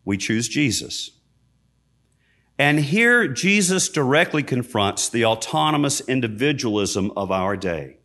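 This priest's sermon swings widely in pitch and moves a little slowly, turning loud for the key points and then sinking to a low, quiet register. He's emphatic, with self-deprecating asides mixed in.

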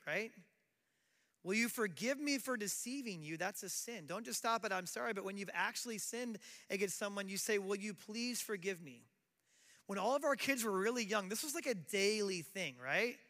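Bright-voiced male pastor preaching in a hall. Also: high-pitched, lively intonation, normal speed. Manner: conversational preaching with acted quotes. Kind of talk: sermon.

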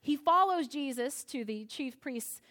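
A woman's voice: high voice, lively intonation, measured pace, fairly bright tone. A woman preacher delivering a sermon in a conversational way, retelling a scripture story with asides to the listeners.

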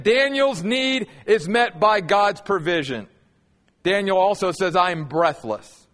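Male pastor, high voice, earnest sermon delivery, reverberant hall sound. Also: a bit bright. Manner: earnest preaching, slows down to stress key words.

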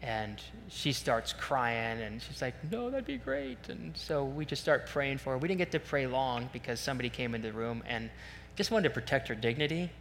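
A man preaching a sermon, telling a story in a conversational, animated way with self-deprecating asides. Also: medium pitch, normal speed. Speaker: pastor. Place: church sanctuary. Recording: long reverb in a large hall, faint hum.

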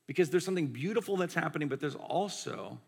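Gravelly conversational preacher man. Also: fairly high pitch, animated, quick pace. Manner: conversational, acts out quotes in voices. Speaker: pastor. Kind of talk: sermon.

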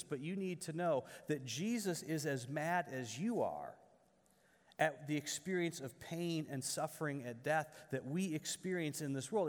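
A man's voice: fairly high pitch, in a large hall. A man preaching a sermon in earnest, asking rhetorical questions and often restarting his words. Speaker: pastor.

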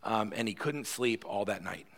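A man's voice: on the low side, normal speed, a bit bright. A male pastor giving a conversational sermon, retelling a story and often checking in with "right?".

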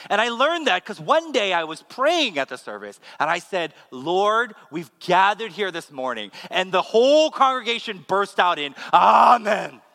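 A man, a pastor, giving a sermon with animated, humorous storytelling. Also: high-pitched. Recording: long hall reverb.

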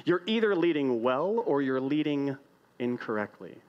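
A man delivering a sermon to a congregation. He talks in a conversational way and keeps posing rhetorical questions, rising to loud emphatic lines and then dropping to quiet, hushed ones. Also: medium pitch, very animated, normal speed, lo-fi sound. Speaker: pastor.

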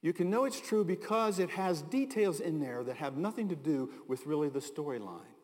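A man's voice: on the high side, lively intonation, moderate pace. A middle-aged American man preaching a sermon as pastor, in a chatty storytelling way with asides and chuckles. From United States. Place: large hall. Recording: long hall reverb.

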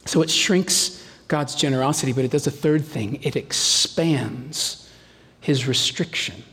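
A man preaching a sermon in a lively, animated way, acting out quotes in playful voices. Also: medium pitch, unhurried. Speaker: pastor. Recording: reverberant hall.

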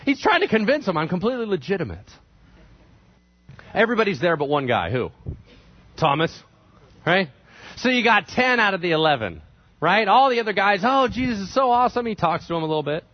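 Animated preacher man, lively pitch. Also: dull audio. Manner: animated, acts out characters in quick asides. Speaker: pastor. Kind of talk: sermon retelling a scripture story.

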